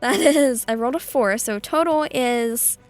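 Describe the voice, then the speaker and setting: Woman, tabletop player, giggly, hesitant, very slow speech, higher voice. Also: faint music behind. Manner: giggly, hesitant with many ums. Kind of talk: tabletop game play.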